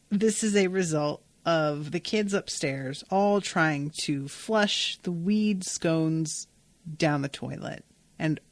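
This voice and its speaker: A woman's voice: lowish voice, fairly bright tone, no echo. A woman hosting a podcast and recapping a TV episode in a casual, gushing way, and she swears freely. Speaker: podcast host.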